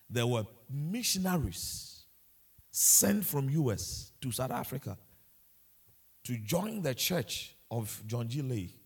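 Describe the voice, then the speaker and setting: Husky, animated male preacher. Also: mid-range voice, slow. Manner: impassioned preaching with repetitions and rhetorical questions. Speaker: pastor. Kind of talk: sermon.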